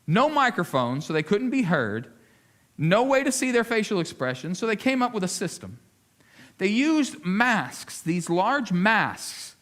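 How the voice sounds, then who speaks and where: A male lead pastor preaching a sermon, swinging between loud emphasis and hushed appeals, often repeating words as he gathers his thoughts. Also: high voice, very animated, a little slow.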